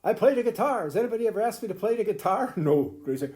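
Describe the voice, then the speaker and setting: An older grandfather with a high, expressive, darkish voice talks quickly as he explains the fiddle to a grandchild. The casual home video lesson is folksy and rambling, dotted with restarts and chuckles.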